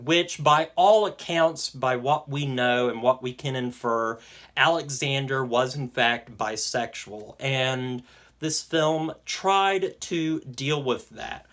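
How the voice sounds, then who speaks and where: A young man giving an earnest, enthusiastic film review in a casual spoken style, pausing often with "um". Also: mid-range voice, fairly bright tone. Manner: enthusiastic, earnest, with frequent "um" pauses.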